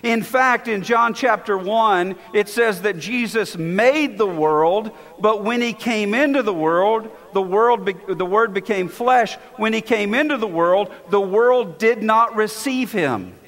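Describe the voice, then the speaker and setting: A man preaching a sermon, stressing and repeating key words with dramatic pauses. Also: sits high, fairly bright tone, in a large hall.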